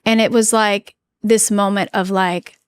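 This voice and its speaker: A woman's voice: mid-range voice, fairly even intonation, measured pace, clean tone, dry recording. A woman guest on an interview podcast telling a personal story in earnest, chatty speech full of "like" and restarts. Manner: earnest, emotional recounting.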